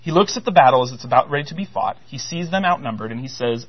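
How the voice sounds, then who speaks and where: A man giving a conversational sermon, animated and loose, with frequent restarts and fillers. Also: medium pitch, quick pace, few pauses, breathy edge. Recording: dull lo-fi sound.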